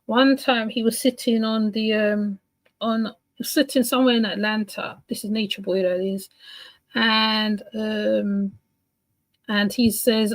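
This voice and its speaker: A woman's voice: medium pitch, fairly even intonation, takes it slowly, no echo, low-quality recording. Chatty woman with a dry close voice. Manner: rambling, chatty, many fillers and restarts. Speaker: commentator reacting to a clip. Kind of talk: casual reaction commentary.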